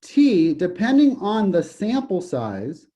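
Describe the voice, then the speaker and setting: Give me a man lecturing on statistics with a raised, mellow voice, throwing in jokes. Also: high-pitched, wildly swooping pitch, slow pace. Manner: jokey, digressive, repeats "okay". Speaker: college math professor.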